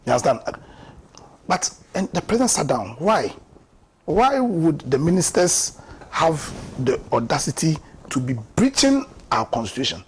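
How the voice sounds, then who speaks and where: Impassioned Ghanaian man, lively pitch. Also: moderate pace, slight background noise. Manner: impassioned, mocking, repeats words and laughs at his own jabs. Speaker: political commentator. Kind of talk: heated political talk show commentary.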